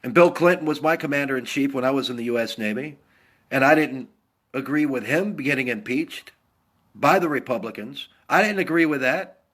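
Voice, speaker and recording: A man's voice: mid-range voice, moderate pace, fairly bright tone. A middle-aged man from the United States, a Navy veteran, giving a heated, blunt political rant and repeating his points.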